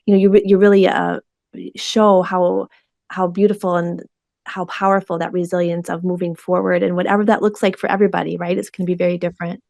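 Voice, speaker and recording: A woman's voice: fairly low pitch, flat delivery, a little fast, gravelly, no room sound. Affirming woman podcast host, dry sound. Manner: warm and affirming, asks reflective questions. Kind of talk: conversational interview.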